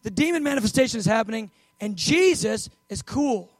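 A man preaching with a high, lively voice, acting out Bible scenes with loud bursts and soft asides. The sound is close and dry, with no room echo. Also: brisk. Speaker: pastor. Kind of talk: sermon.

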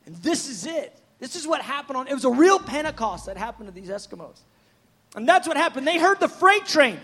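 A man's voice: very high-pitched, big pitch swings, fairly quick, bright, forceful tone. A man preaching a sermon in a fervent, conversational, rambling way.

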